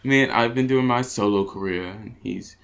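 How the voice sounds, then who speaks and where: A man with a lowish, creaky voice co-hosts a comedy vlog, speaking at a moderate pace. He tells stories casually in a rambling, profane, giggly way.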